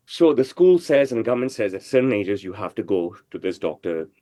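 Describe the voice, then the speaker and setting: A man's voice: on the low side, sing-song, fairly quick, warm tone, no room sound. A middle-aged man, a tailor, giving a brash, profane and emphatic interview, full of "bro" and "you know what I mean". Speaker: guest, tailor. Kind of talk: casual interview talk.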